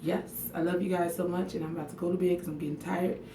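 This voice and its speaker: With a lowish voice in a level tone, a woman talks fast on a casual livestream from her home bathroom. She is frank and emotional, swears freely, and answers viewers' comments by name. The echoey room audio comes from a distance over a noisy background.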